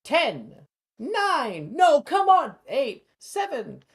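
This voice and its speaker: A man voicing an excited little male referee counting down. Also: very high voice, drawn-out words, pitched above the performer's own voice, heavily acted. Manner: shouting a countdown.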